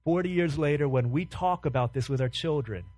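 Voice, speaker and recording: A man preaching a sermon as pastor, impassioned and full of rhetorical questions, sometimes dropping low and quiet. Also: fairly quick.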